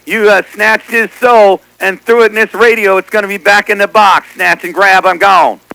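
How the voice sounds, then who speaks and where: High, bright-voiced man on the radio. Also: fairly even intonation, normal speed, gravelly, slight background noise, low-quality recording. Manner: teasing, repeats what others said on air. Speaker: CB radio operator. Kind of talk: casual radio chatter.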